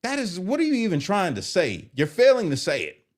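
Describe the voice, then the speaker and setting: A man doing live commentary on viewer comments, animated and exasperated as he reads them aloud. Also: high-pitched, a little fast. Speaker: streamer reacting to comments.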